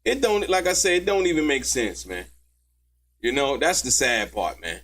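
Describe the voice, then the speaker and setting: Animated, gravelly-voiced male commentary host. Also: mid-range voice, normal speed, slight background noise. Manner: animated, mocking, laughs often, slangy. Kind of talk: live commentary on court testimony.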